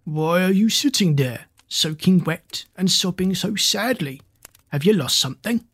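A storyteller voicing a mysterious old man who speaks slowly in a hoarse voice, in a dry, close recording. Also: medium pitch, no room sound. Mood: calm. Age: older. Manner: slow, calm and kindly. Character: mysterious wise old man with a strange cane.

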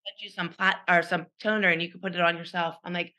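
A middle-aged woman co-hosting a chatty podcast over a video call. Her voice is bright and clear. She tells stories with animation and plays out the voices of people she quotes. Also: fairly low pitch, fairly even intonation, fast talker. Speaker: podcast co-host. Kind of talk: casual storytelling chat.

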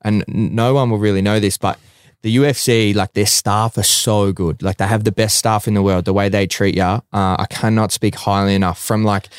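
A young man with a fairly low, smooth voice recounts a story in casual interview chat. He drops swear words freely and acts out what others said. The sound is close and dry. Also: fairly even intonation, moderate pace, no room sound. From Australia. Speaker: guest, professional fighter.

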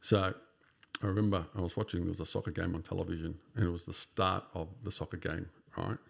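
A deep, gravelly man in his fifties, chatting as a podcast guest. His voice is a bit husky. He swears often and keeps checking in with "right?" while he tells a story. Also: level tone, quick pace. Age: 50s. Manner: swears freely, ends lines with "right?". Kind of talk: casual storytelling chat.

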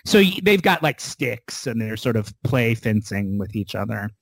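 A man casually retelling a television episode scene by scene as a podcast co-host, animated and swearing now and then. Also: fairly low pitch, normal speed, vocal fry, no room sound.

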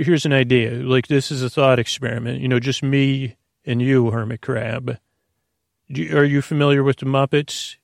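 A man's voice: medium pitch, vocal fry, no room sound, studio quality. A man hosting a sleep podcast, talking in a goofy, meandering way and correcting himself often. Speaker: podcast host. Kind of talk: rambling sleep podcast monologue.

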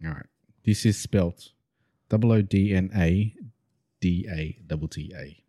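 A man's voice: low voice, measured pace, mellow. A man co-hosting a podcast, running a word game in easygoing casual chat. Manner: easygoing, spells words out, laughs along. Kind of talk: casual chat among friends.

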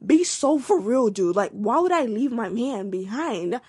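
Young female podcast host, casual solo rant, animated and slangy; higher voice, dry close sound. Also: a little slow, breathy edge, no echo.

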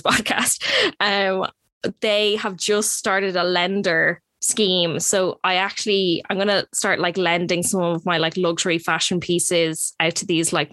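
A woman's voice: lowish voice, a bit bright, dry recording. A young Irish woman co-hosting a podcast, telling a story in a chatty way, with lots of "like" and frequent laughter. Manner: chatty storyteller, heavy use of "like", laughs often. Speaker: podcast co-host. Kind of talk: casual chat.

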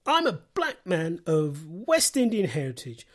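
Wry self-mocking comedian, lively pitch. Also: male voice, unhurried. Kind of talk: comedy podcast monologue.

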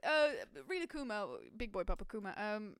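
A woman hosting a podcast from home on a boom-arm mic, rambling and giggly in casual chat. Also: lively intonation, a little fast, clear, resonant tone. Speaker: podcast host. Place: home room with pets.

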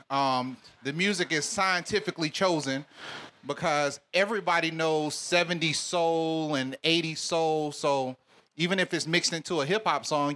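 Bright-voiced Southern man working a crowd. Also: on the high side. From Alabama. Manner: joking, teasing the audience. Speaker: event host. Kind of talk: live crowd work and hosting. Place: event venue with live audience.

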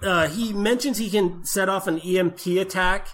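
A man's voice: high-pitched, steady tone, normal speed, fairly bright tone. A man casually recapping a bad movie from his notes, amused and laughing along.

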